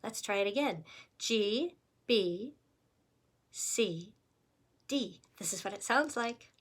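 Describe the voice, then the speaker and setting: A woman's voice: mid-range voice, animated, takes it slowly, husky. A woman music teacher giving a recorder lesson with patient, encouraging step-by-step instructions.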